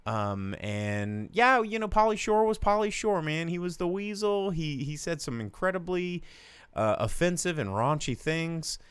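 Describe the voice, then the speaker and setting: A man's voice: a little high, animated, normal speed, a bit bright, clean tone, dry recording. Rambling, joking male co-host. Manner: rambling, joking, with frequent fillers. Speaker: podcast co-host. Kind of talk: casual chat.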